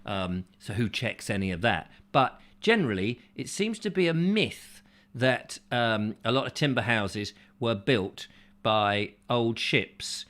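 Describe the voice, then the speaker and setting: Chatty man with lively pitch. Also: slow pace. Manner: jokey, rhetorical questions, mock-confused asides. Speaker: show host reading viewer comments. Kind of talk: rambling comic chat.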